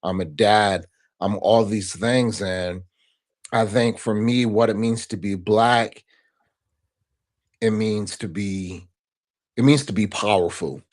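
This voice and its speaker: A man with a fairly low voice talks as a guest on a podcast interview. He reflects on his life in an earnest, unhurried way and often checks in with a quick "right?" at the end of a point. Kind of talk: casual interview conversation.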